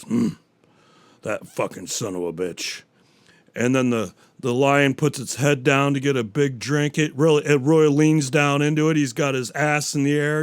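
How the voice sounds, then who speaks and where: A man's voice: mid-range voice, smooth. A man hosting a solo podcast, rambling through stories and jokes with plenty of swearing. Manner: profane, rambling storyteller. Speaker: podcast host.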